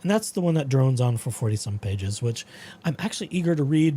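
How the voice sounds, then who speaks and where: A man's voice: mid-range voice, normal speed, breathy edge. A man hosting a casual talk show, rambling about his dreams and reading out legal updates. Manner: rambling, animated quoting of dreams. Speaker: podcast host.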